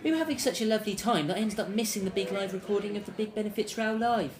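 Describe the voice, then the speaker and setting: A young man delivering a deadpan, rambling comedic monologue as a self-absorbed character. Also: high-pitched, racing, a crowd in the background.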